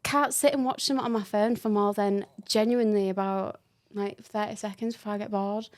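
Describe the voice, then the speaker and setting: A woman, a guest on a casual podcast, chatty and self-deprecating and quick to laugh. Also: medium pitch, steady tone, darkish tone. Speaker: podcast guest, digital marketing manager.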